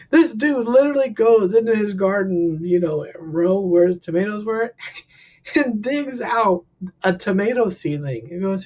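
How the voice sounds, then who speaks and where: A man, a counselor, telling a personal story in a casual, animated way, jumping up in pitch when he acts out what people said. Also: normal speed. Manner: animated, acts out quotes with big pitch jumps. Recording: dull lo-fi recording.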